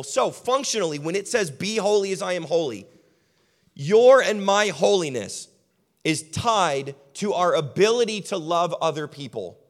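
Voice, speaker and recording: A man delivers a sermon with a voice on the higher side for a man. He hammers points through repeated lists and then drops low and quiet to stress a line. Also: lively intonation, moderate pace, long reverb tail. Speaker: pastor.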